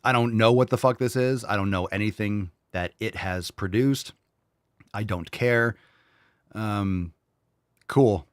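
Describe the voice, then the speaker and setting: A low-pitched man hosting a livestream, ranting with mocking, profane commentary between comments read from chat. His voice sits close and dry on the mic, with no room around it. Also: slow pace, pauses often, dry recording. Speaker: host.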